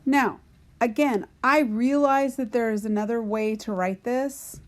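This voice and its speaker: A woman's voice: on the high side, measured pace. A woman teaching a recorded grammar lesson, patiently explaining and talking to herself as she writes on a board. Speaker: Spanish teacher.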